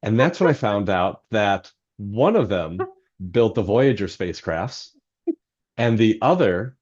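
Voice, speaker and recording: A man's voice: fairly low pitch, lively intonation, a little slow, a little mellow, muffled recording. A man, a novelist guest on a podcast, telling a self-deprecating story in a rambling way full of fillers. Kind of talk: anecdotal storytelling in podcast interview.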